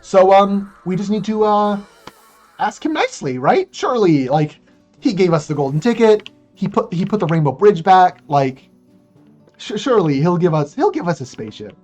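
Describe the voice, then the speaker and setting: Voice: mid-range voice, expressive, normal speed, darkish tone, soft background music. A speedrunner giving jokey, rambling, chatty commentary on their run, joking about the game's rules and plot as they play.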